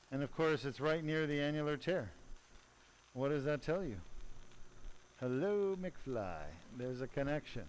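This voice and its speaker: A man's voice: medium pitch, smooth, poor audio. A middle-aged man, a spine surgeon, giving live commentary during surgery, blunt and opinionated with jokey asides to the audience.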